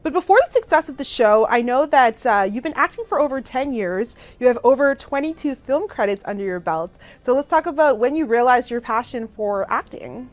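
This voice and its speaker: A woman's voice: on the high side, expressive, a little fast, few pauses, no echo. Woman talk-show host, enthusiastic interviewer, dry close-mic sound. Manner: enthusiastic, affirming. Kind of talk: interview questions.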